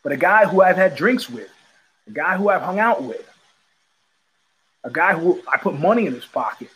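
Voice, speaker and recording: A man's voice: high-pitched, lively intonation, moderate pace, a bit bright, slightly rough, poor audio. A man hosting his own show, telling stories in a blunt, profane, casual monologue and repeating phrases for emphasis. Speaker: podcast host.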